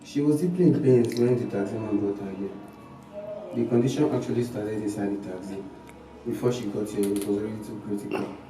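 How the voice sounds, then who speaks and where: A man with a Nigerian accent playing a calm doctor who explains things plainly. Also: fairly low pitch, recorded from a distance, natural voice. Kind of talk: film acting. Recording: echoey room from afar with music.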